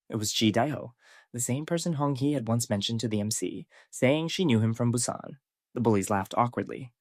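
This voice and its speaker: A man in scripted narration, retelling a comic story in an even, matter-of-fact way. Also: medium pitch, a little fast, dry recording, clean studio sound.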